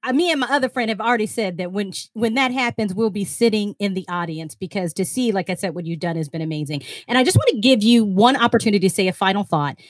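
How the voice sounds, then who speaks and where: A woman's voice: mid-range voice, fast talker, few pauses, no room sound. Woman, podcast host, encouraging, laughs easily, dry close mic. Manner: warm, encouraging, laughs often. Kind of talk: casual interview conversation.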